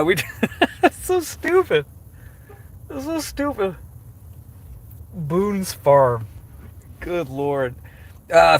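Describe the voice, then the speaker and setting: A man's voice: medium pitch, fairly bright tone. Guy rambling on a live stream, lots of ums and likes, kinda wry about himself. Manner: rambling, heavy on fillers and restarts; wry, self-mocking. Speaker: livestreamer answering chat questions. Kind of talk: casual live-stream chat.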